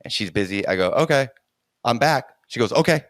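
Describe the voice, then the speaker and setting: A middle-aged man telling a childhood story in casual conversation, animated and laughing often, restarting his sentences as he goes. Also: mid-range voice, fairly quick, dry recording, clean studio sound.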